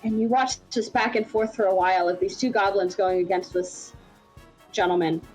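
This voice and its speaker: A woman's voice: medium pitch, fairly even intonation, moderate pace, darkish tone, slightly rough, faint music behind, low-quality recording. A woman running a tabletop game as game master, narrating in a rambling way with many fillers.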